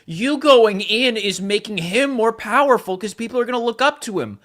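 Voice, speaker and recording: A man's voice: high-pitched, moderate pace, hardly any pauses, a bit bright. A man co-hosting a podcast, chiming in with points in casual chat. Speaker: podcast co-host.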